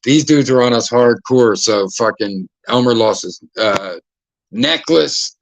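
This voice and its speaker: A man's voice: medium pitch, measured pace, gravelly, no room sound, rough recording. A man, a podcast host telling casual stories full of swearing and acting out other people's lines. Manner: profane, acts out quoted voices. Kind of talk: casual storytelling.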